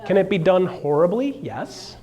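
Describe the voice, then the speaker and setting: High-pitched and joking, this man leads a live seminar for real estate agents, staying animated and frequently tossing quick questions to the audience.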